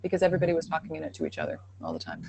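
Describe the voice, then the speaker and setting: A woman guesting on a live-stream Q&A, telling stories with animated enthusiasm. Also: sits low, very fast, creaky. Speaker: guest, dialect coach.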